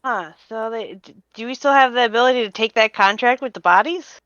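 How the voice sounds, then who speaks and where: Tired woman player, bright tone. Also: fairly high pitch, a little fast, no echo. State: tired and yawning. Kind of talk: casual tabletop role-play. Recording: dull lo-fi mic.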